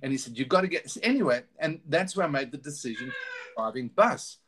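In a casual interview, a middle-aged guest tells his story candidly and earnestly, restarting sentences again and again. His voice is on the high side, lively in intonation, fairly quick and a bit bright.

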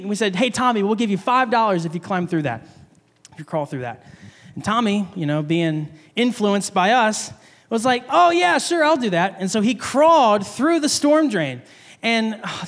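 A man giving a sermon, telling a story from his childhood and laughing often as he talks. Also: high voice. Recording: long hall reverb.

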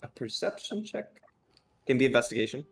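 A man's voice: medium pitch, big pitch swings, a little fast. A man playing a tabletop game, thinking aloud with hesitant fillers. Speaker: player. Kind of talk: casual tabletop play.

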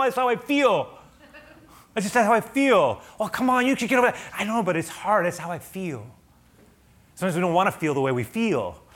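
A middle-aged man preaching a sermon as pastor, earnest, moving from hushed lines to loud pleading ones. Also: medium pitch.

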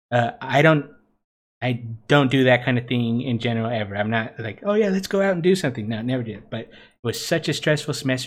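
A young man co-hosting a podcast, telling a wild college story in a casual, profane way. He laughs at himself as he goes and keeps it loose and chatty. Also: medium pitch. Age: young adult. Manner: laughing, profane, self-mocking. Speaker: podcast co-host.

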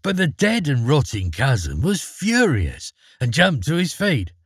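A man with a husky voice narrating a fairy tale, with dramatic swings in pitch. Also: wildly swooping pitch, a little slow, dry recording, clean studio sound. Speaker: storyteller. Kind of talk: expressive storybook reading.

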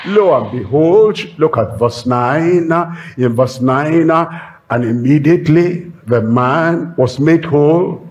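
A man's voice: on the high side, lively intonation, slow pace, a little mellow, lo-fi sound. A man pastor preaching a sermon in an emphatic style, repeating rhetorical refrains and acting out short exchanges.

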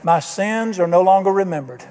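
High-voiced preacher in a reverberant hall. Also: male voice, moderate pace, darkish tone. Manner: folksy storytelling preacher, acts out quotes. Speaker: pastor. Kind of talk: sermon. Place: church sanctuary. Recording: long reverb of a church hall.

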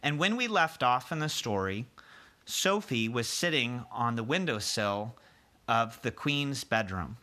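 Animated male teacher reading aloud. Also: mid-range voice, unhurried. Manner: warm explanations of hard words for children. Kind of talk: reading a chapter book aloud to a class.

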